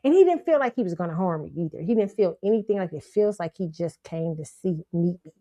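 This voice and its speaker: A woman's voice: on the low side, animated, fast, mellow, no room sound, highs cut off. A woman hosting her own show, telling a story to viewers in an emphatic, insistent way and often repeating herself. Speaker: show host.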